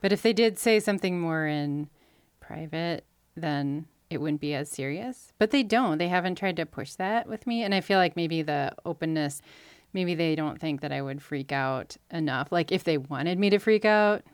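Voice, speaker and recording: A woman co-hosting a casual TV recap chat, measured and opinionated. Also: low-pitched, smooth, no room sound, clean studio sound.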